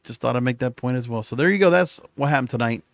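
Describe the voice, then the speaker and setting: A solo podcast host talks quickly in a mid-range voice, with no room sound. It's late at night, and he gives a casual, rambling recap full of self-corrections.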